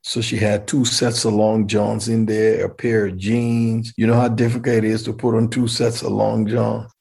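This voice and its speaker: A man's voice: on the low side, little pitch movement, normal speed, gravelly, a little mellow, slightly rough. A man from Liberia, animatedly telling a personal story and acting out the dialogue.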